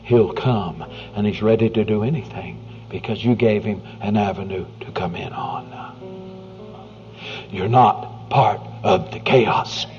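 Low-voiced earnest male preacher, lo-fi. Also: unhurried, few pauses. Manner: earnest, conversational, drops to hushed near-whispers. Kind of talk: sermon. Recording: dull lo-fi recording with faint music.

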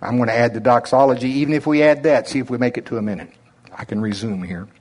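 A man with an Oklahoma accent preaching a sermon in a slow drawl, with emphatic rises and drops. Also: mid-range voice, a little mellow.

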